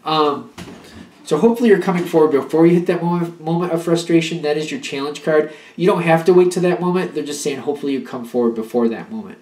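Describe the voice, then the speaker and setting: A man's voice: a little high, quick pace, darkish tone, reverberant. A man giving a casual spoken tarot reading. He rambles and restarts as he talks, and now and then acts out an imagined partner's pleas. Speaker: tarot reader.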